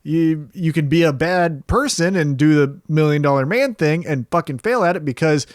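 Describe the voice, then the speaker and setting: A man co-hosts a wrestling podcast, breaking down storylines in a laid-back, profane way and thinking out loud. His voice is a little high at a normal speed, recorded with studio quality and no echo.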